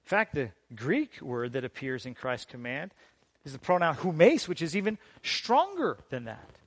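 A man preaching a sermon as pastor, emphatic and deliberate, with dramatic pauses and strong swings in loudness. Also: fairly high pitch, sing-song, dry recording.

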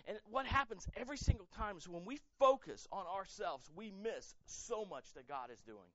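Male pastor, high-pitched, dry and slightly dull sound, lively sermon delivery. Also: normal speed, few pauses, no room sound. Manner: animated, acts out quoted voices, rises to loud emphatic peaks.

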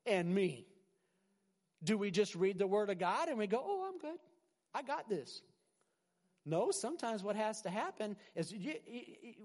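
A middle-aged pastor with a high voice preaches an animated sermon to a congregation in a large hall, swinging between loud emphasis and quiet asides and often restarting his words. The recording carries a long hall reverb.

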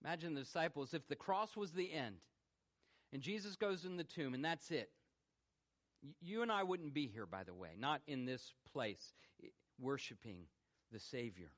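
Male pastor, fairly high voice, preaching in a church, lively swings between loud questions and quiet low stresses. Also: normal speed. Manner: animated, swings from loud rhetorical questions to hushed low emphasis. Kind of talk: sermon. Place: church sanctuary.

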